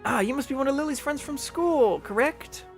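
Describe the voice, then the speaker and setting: A man voicing a cheerful, overeager middle-aged mother in a high, gushing falsetto. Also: normal speed, faint music behind.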